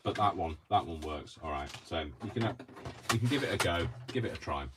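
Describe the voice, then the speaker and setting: A man's voice: low-pitched, animated, brisk, heavy background noise. A man chatting casually through a craft tutorial, giggly and self-mocking. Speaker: craft vlogger.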